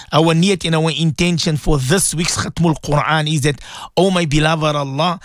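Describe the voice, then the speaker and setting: A man who hosts a morning radio show as a Muslim cleric. He preaches emphatically to his listeners, repeating his points, and slows into drawn-out prayers. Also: fairly high pitch, no room sound, studio quality. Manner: emphatic and repetitive, exhorting listeners.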